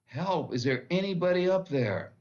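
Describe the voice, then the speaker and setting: A man's voice: a little high, expressive, normal speed, dull audio, pitched above the performer's own voice, natural voice. A man doing a panicked man hanging from a cliff. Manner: frantic shouting upward.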